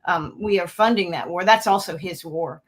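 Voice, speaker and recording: A woman's voice: lowish voice, normal speed. Hesitant, earnest woman guest. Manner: hesitant, many fillers, earnest. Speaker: guest, retired military officer. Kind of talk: interview answers.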